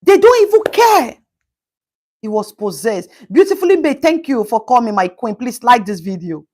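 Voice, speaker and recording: A woman with a fairly high voice talks at a moderate pace while live streaming casually about a news story. She greets her viewers by name, stays animated, and sprinkles in Pidgin asides.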